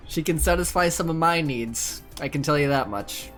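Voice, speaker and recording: A streamer giving excitable, gushing commentary on a game playthrough, laughing often. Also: mid-range voice, normal speed, faint music behind.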